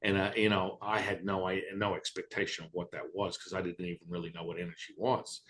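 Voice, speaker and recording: A man with a somewhat low voice tells his story as a podcast guest. He is blunt and swears freely, acting out what he thought and said along the way. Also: brisk. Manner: blunt and profane, animated retelling. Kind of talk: storytelling in conversation.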